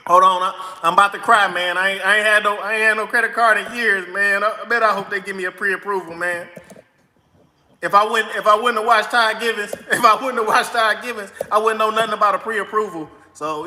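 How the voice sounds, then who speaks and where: Excitable man in an echoey room. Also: high voice. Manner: excitable, rushed, repeats himself constantly. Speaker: host of a credit advice channel. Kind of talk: comic skit applying for a credit card. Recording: echoey room with long reverb.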